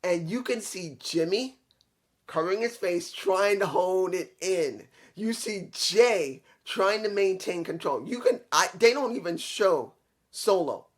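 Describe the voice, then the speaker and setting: In a casual, excitable wrestling review, a young man recaps scenes, acting out quotes and swearing freely. His voice is high-pitched and his delivery unhurried.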